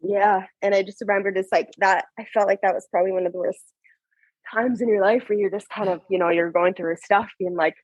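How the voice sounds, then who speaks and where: A young adult woman, a podcast guest, telling an emotional personal story in a candid, animated way, laughing through it. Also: mid-range voice, brisk, no echo, muffled recording.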